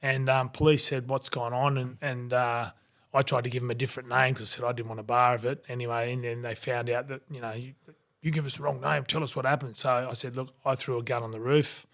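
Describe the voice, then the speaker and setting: An Australian former rugby league player, appearing as a guest on a podcast interview, tells lively anecdotes. His medium-pitched voice moves fast, and he animates his stories by acting out the voices of the people he quotes.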